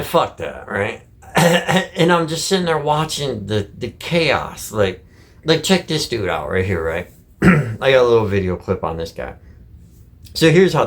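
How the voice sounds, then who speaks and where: A middle-aged man from Michigan rants to camera about life on the road, in loose, blunt and heavily profane talk. His voice sits at an ordinary pitch for a man. The talk is casual and full of folksy slang. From Michigan, USA. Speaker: truck driver vlogger.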